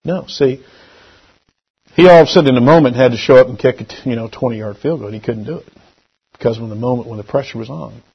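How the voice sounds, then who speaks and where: A middle-aged man giving a church lesson with anecdotes, talking conversationally and swinging between loud emphasis and quiet asides. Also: medium pitch, quick pace, creaky, slightly rough. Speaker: lay preacher. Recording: dull lo-fi recording.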